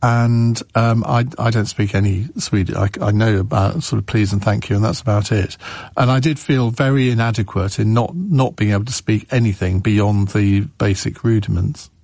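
A man with a lowish voice hosts a radio phone-in, talking in an easygoing way. He trips over his openings, repeating words and filling pauses as he thinks aloud. His studio mic sounds dry and close, with no room around it. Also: gravelly, a little mellow, dry recording. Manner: hesitant, many restarts and fillers. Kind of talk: casual radio phone-in chat. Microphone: studio microphone.

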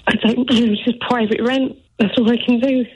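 A woman's voice: a little high, fairly even intonation, moderate pace, darkish tone, breathy edge. A woman calling a radio phone-in, emotional and close to tears, pleading. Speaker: caller. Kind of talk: phone-in call. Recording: dull phone line.

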